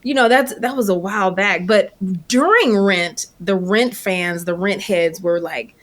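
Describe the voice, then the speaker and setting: A middle-aged actress being interviewed, telling lively anecdotes and acting out quotes from others. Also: female voice, mid-range voice, unhurried. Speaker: actress guest. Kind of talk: animated storytelling.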